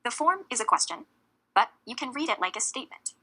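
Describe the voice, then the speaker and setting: A woman narrating a scripted English lesson, speaking clearly and slowly with deliberate emphasis on key words. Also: a little high, very animated, pushed and bright, poor audio. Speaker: English teacher.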